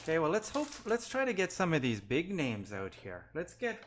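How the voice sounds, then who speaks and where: A man's voice: a little high, wildly swooping pitch, a little fast, a little hiss or hum. A man hosting a live card break, calling out player names one by one as he opens packs and chatting with viewers. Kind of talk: live-stream pack opening.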